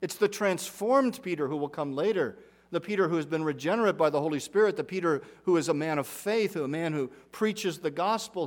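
A middle-aged man delivering a sermon from the pulpit. His voice sits a little high for a man, and he preaches earnestly, leaning on repeated phrases for emphasis. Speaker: pastor.

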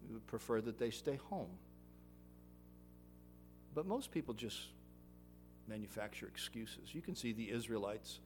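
A male pastor preaches earnestly and briskly, growing louder and higher as he exhorts, then closes with a prayer. He's very animated, and there's a little hiss or hum on the recording.

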